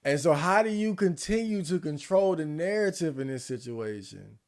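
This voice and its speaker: A man's voice: fairly high pitch, expressive, moderate pace, darkish tone. A man chatting casually on a livestream, ranting and rambling with frequent restarts.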